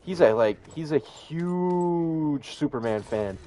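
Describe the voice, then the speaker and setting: A man's voice: fairly high pitch, expressive, slow pace, warm tone, a little hiss or hum. A young man chatting casually while gaming, slangy and profane, laughing often. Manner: slangy, profane, laughs a lot, says "bro".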